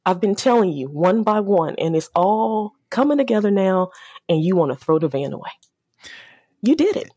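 A woman's voice: medium pitch, expressive, normal speed, mellow, slightly rough, no room sound. A woman who runs an auto repair shop, a guest on a podcast, telling humorous customer stories and acting out the dialogue. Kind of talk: casual podcast conversation.

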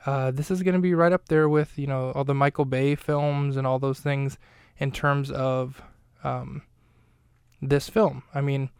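Smooth-voiced chatty male podcast host. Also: medium pitch, no room sound, clean studio sound. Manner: talkative, digressive, frequent fillers and self-corrections. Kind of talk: casual rambling recap of a film scene. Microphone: close studio mic.

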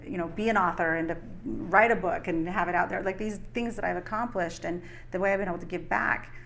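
A middle-aged woman talking as an interview guest, earnest and reflective, in a lowish voice. She speaks in a motivational tone, and faint ambient noise hangs behind her. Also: fairly even intonation, fairly quick, vocal fry, a bit bright.

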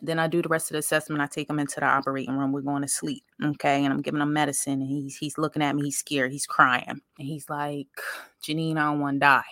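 A woman's voice: deep voice, level tone, fast talker, few pauses, a bit bright, no echo, studio quality. A woman podcast host speaking, telling a story in a conversational, emphatic, faith-filled way and talking straight to her listeners. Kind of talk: casual storytelling monologue.

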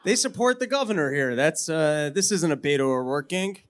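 A man co-hosting a live podcast, trading deadpan, edgy jokes. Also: fairly high pitch, brisk. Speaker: podcast co-host.

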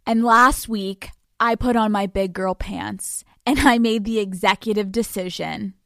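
A woman's voice: mid-range voice, fairly bright tone, dry recording, clean studio sound. A woman in her twenties hosting a podcast, telling a comedic story in a brash, profane way, laughing often and acting out dialogue. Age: 20s. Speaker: podcast host. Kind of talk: comedic monologue.

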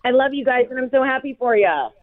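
A woman's voice: high-pitched, animated, quick pace, a crowd in the background. A woman calling into a talk show, gushing and enthusiastic as a fan. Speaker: caller. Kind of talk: phone-in call. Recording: tinny phone line.

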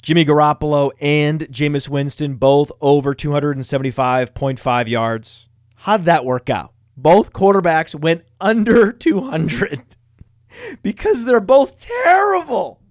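A man hosting a fantasy football podcast, reading ads in a boastful, self-mocking, energetic way. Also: a little high, a little slow, no room sound, studio quality. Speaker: podcast host.

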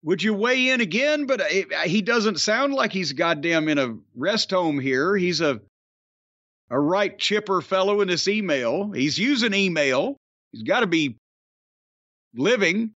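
A man's voice: high-pitched, animated, unhurried, a bit bright, no room sound. A middle-aged man hosting a podcast, chatting casually with profane, rambling storytelling. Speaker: podcast host. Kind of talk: casual chat. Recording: dry, dull lo-fi sound.

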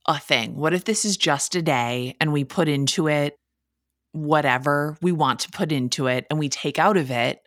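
A woman's voice: deep voice, moderate pace, fairly bright tone, dry recording, clean studio sound. A woman hosting a podcast, telling stories in a chatty, casual way and swearing freely. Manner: chatty storytelling with frequent swearing. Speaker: podcast host. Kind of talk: casual chat.

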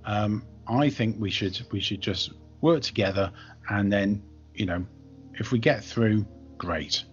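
A man narrating as game master in an online tabletop game, relaxed and hesitant. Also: on the low side, unhurried, highs cut off, faint music behind. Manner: relaxed, hesitant, lots of ums.

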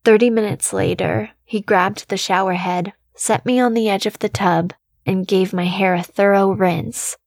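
Woman reading a creepy first-person horror story, slow and tense, super dry close sound. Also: medium pitch, steady tone, creaky, darkish tone, no echo. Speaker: narrator. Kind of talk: scripted horror narration.

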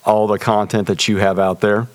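A man's voice: fairly low pitch, level tone, moderate pace. A man hosting a podcast, affirming his guest and encouraging listeners. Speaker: podcast host.

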